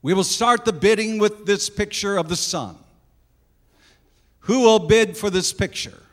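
A preacher voicing a persistent auctioneer. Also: male voice, sits high, unhurried, in a large hall. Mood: insistent. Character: persistent male auctioneer, steady.

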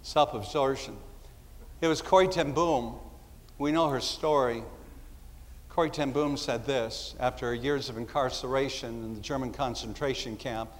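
A pastor preaches a sermon in a reverberant hall, his male voice medium in pitch and normal in speed. His delivery is conversational, with acted-out asides.

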